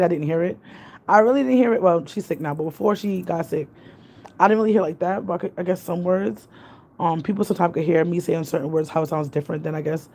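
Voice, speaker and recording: A woman rambles through a casual livestream chat, reading out viewer comments as she goes. Her voice is dark and gravelly. Faint background noise hums under the recording. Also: lowish voice. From Jamaica. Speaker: vlogger. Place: apartment in the city.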